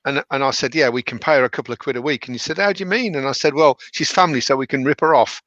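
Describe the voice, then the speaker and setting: A man's voice: medium pitch, fairly even intonation, rapid-fire, fairly bright tone, no echo, lo-fi sound. A middle-aged man with a Black Country accent, a company director chatting casually and jokily with his family. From English Black Country. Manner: jokey, rambling, self-interrupting. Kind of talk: casual chat. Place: indoor, video call.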